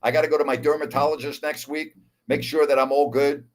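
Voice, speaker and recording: A man's voice: fairly high pitch, fast talker. Wound-up sports host man in his sixties. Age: 60s. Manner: wound up and excitable, repeats himself. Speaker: sports talk show host. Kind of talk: live show, chat with calls of a basketball game.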